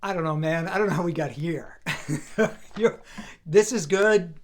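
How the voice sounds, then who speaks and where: This guest is a voice actor in his fifties from the US East Coast, joining remotely by video call. His voice sits on the high side at normal speed, and he rambles in a relaxed, self-mocking way.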